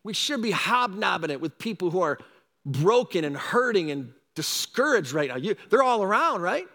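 A man preaching a sermon, animated, with rising shouts and repeated calls to his listeners. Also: sits high, moderate pace, big-room sound. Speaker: pastor.

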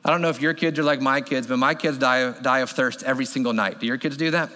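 Animated male pastor in a reverberant hall. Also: medium pitch, quick pace. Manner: animated storytelling, acting out voices in quotes. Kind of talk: sermon.

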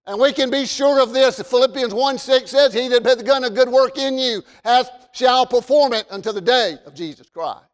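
Man, pastor, sermon, very high voice, slow and emphatic, long hall reverb. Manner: emphatic, repeats phrases, rises to shouts. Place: church sanctuary.

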